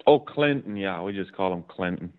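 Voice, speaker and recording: A man's voice: low voice, lively intonation, normal speed, no room sound. A man from South Dakota taking a prank call, laid-back and swearing casually. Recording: tinny phone line.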